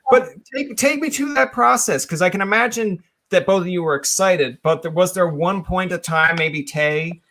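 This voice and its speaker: A man's voice: sits high, normal speed, few pauses, bright, forceful tone. A man hosting a casual interview chat, joking and acting out imagined dialogue in shifting voices. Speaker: podcast host.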